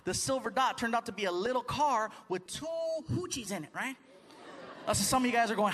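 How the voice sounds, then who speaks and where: A man telling a long story on stage in animated stand-up style. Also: sits high, a little fast. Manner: animated, laughing at his own story. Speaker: stand-up comedian. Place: stage before a live audience. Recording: noisy live show recording.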